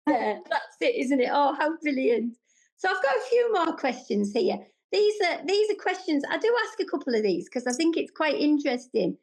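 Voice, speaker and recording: A woman's voice: high-pitched, sing-song, moderate pace, darkish tone. A woman hosting a podcast, chatting enthusiastically and ending many lines with tag questions. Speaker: podcast host. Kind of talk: casual chat.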